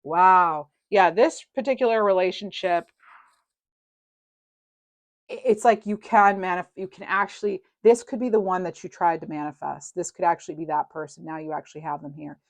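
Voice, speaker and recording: Woman tarot reader, low-ish voice, chatty and reassuring, dry close recording. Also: moderate pace, dry recording. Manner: chatty, reassuring, rambling with fillers. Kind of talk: casual tarot reading to camera.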